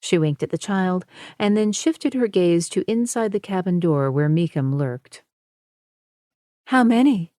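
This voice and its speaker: A woman reading a suspense audiobook in a measured, even narration style. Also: lowish voice, no echo, studio quality. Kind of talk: scripted narration.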